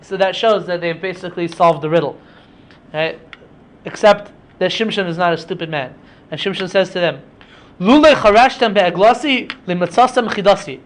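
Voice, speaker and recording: High-voiced man telling a story. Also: fairly even intonation, moderate pace. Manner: chatty, with frequent fillers and asides. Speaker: teacher. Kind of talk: casual storytelling lesson.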